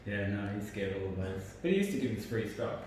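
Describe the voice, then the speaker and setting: A man's voice: lowish voice, big pitch swings, a little fast, a little mellow. A man in casual chat who mostly gives short agreeing replies and asks curious questions. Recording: distant, echoey, faint noise.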